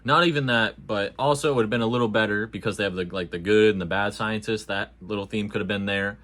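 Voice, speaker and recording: A man with a fairly low voice reviews a movie in a loose, casual way. He talks with lively energy, full of slang and jokes. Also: fast talker. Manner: animated, slangy and jokey.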